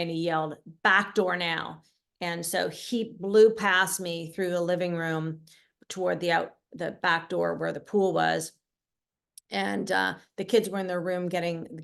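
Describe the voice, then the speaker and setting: A middle-aged woman telling a personal story in a halting way, with many fillers, going quiet at the hardest parts. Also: fairly low pitch, gravelly. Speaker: guest author. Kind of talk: personal testimony.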